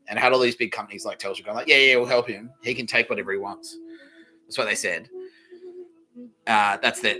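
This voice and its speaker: A man hosting a comedy podcast, telling a rambling, profane story that swings between loud outbursts and muttered asides. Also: on the low side, rough recording. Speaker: podcast host.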